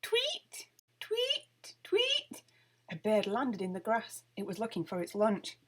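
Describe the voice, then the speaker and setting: A woman reading a children's picture book aloud with lively, expressive storytelling. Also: medium pitch, normal speed, slightly rough. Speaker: storybook reader.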